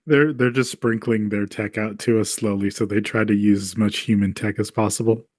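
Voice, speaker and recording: A man's voice: on the low side, steady tone, normal speed, no room sound. A man co-hosting a casual movie-review podcast. He jokes, is sarcastic and laughs between remarks. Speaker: podcast co-host.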